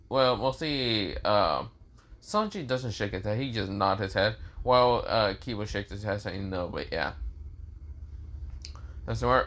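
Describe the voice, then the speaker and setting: A man's voice: on the low side, a bit bright. A man narrating a fan story off the cuff, rambling with lots of fillers and self-corrections.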